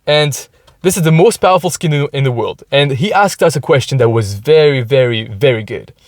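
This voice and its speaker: A man's voice: medium pitch, lively intonation, a little fast, dry recording. Man explaining in a dry car. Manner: explaining, thinking aloud with restarts. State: overheated. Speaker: podcast host. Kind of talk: casual solo podcast talk. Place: inside a parked car.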